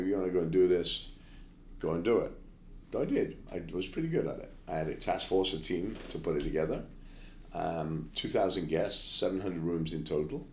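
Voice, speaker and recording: Low-voiced guy spinning quick blunt work stories, echoey room behind him. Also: darkish tone. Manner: brisk anecdotes with blunt asides. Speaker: guest chef. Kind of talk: storytelling interview.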